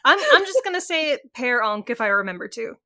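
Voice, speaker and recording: A woman's voice: fairly high pitch, very animated, fairly quick, sharp tone. A young woman co-hosting a podcast, chatting about a book in an easygoing way and laughing a lot. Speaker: podcast co-host. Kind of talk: casual book-discussion chat.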